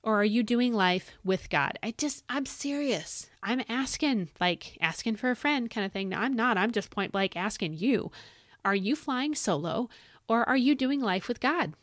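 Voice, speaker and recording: A woman hosting a devotional podcast, earnest and encouraging, asking listeners direct questions and swinging from bright emphatic highs to soft low asides, her voice a little dry and cracking from thirst. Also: animated, normal speed, no room sound. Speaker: podcast host.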